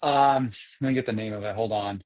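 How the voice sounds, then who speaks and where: A man's voice: mid-range voice, steady tone, fairly quick, darkish tone, soft background music. A man from the Boston area, co-hosting a podcast in casual chat, easygoing and self-deprecating. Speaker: podcast co-host.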